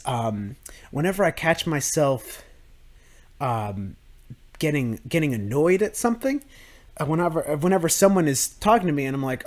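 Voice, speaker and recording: A man's voice: medium pitch, a little mellow. A young man hosting a self-improvement podcast, talking through his thoughts in a rambling, reflective monologue full of restarts. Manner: rambling, with many restarts and fillers. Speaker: podcast host.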